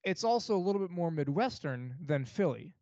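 A man's voice: fairly high pitch, animated, a little fast, warm tone, dry recording. A young man from New York State co-hosting a casual podcast chat, rambling with many fillers and restarts. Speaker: podcast co-host. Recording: dry, dull lo-fi podcast mic.

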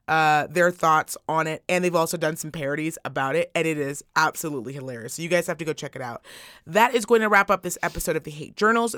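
A woman's voice: lowish voice, smooth, dry recording, studio quality. A woman co-hosting a podcast, chatting in a blunt, profane way and telling stories with lots of energy. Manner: blunt, profane, animated storytelling. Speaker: podcast co-host. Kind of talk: casual podcast chat.

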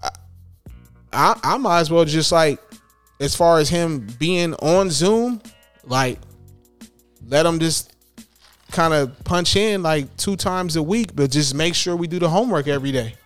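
A man's voice: on the high side, measured pace, long pauses, clear, resonant tone, dry recording, faint music behind. Rambling man in casual talk. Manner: rambling, repeats words and restarts often. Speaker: parent. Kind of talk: casual chat.

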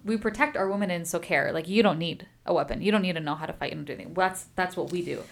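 A woman's voice: on the low side, fast talker, gravelly. A woman doing a condescending nobleman.

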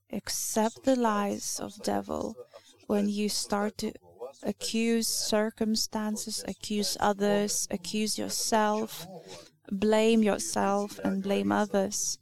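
A woman whose first language is Lithuanian, preaching a sermon in an earnest, halting way with many restarts. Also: mid-range voice, vocal fry, a little mellow.

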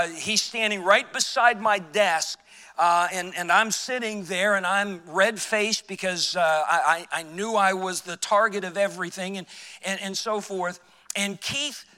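Man, pastor, sermon. Storytelling delivery, acts out quotes, bright high voice. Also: big-room sound. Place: church sanctuary.

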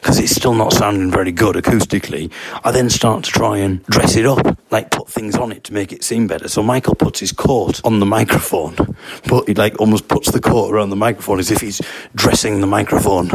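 A man's voice: lowish voice, brisk, very noisy. A man hosting a comedy podcast, telling a rambling, self-deprecating anecdote and acting out sound effects. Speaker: podcast host. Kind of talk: comic anecdote.

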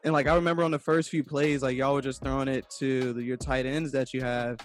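A man's voice: mid-range voice, flat delivery, quick pace, faint music behind. A young man in casual sports chat, recounting loosely with many fillers. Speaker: podcast co-host, sports fan.

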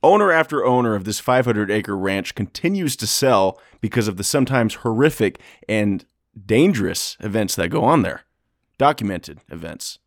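A man hosting a podcast with a low voice that moves a lot in pitch. He reads his intro briskly and dramatically. The recording is dry and close. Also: very animated, no room sound. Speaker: podcast host. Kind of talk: casual chat and scripted topic intro.

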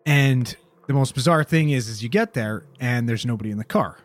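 A man's voice: mid-range voice, fairly quick, no room sound. Rambling man telling a story. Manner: rambling, peppered with "you know what I mean". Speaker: paramedic. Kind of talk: casual storytelling.

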